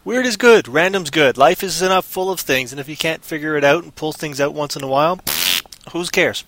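With a fairly high, somewhat bright voice, a livestream co-host briskly rambles through goofy made-up stories. A little hiss or hum can be heard in the recording.

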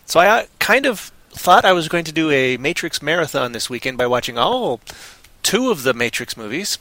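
A tired man rambling on a casual podcast, goofy, with sudden loud silly outbursts. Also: a little high, big pitch swings, normal speed, no echo. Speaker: podcast co-host.

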